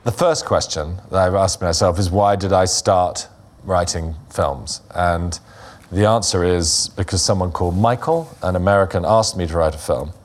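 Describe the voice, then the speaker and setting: A middle-aged man, a screenwriter who gives an anecdotal lecture in a wry, self-deprecating, measured way. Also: sits low.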